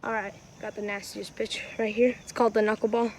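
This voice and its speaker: A wiffleball player and channel host explains things in a casual how-to vlog shot on a phone camera outdoors on a windy day. Her medium-pitched voice stays level and fairly quick while she rambles, chats, and corrects herself. The audio is poor.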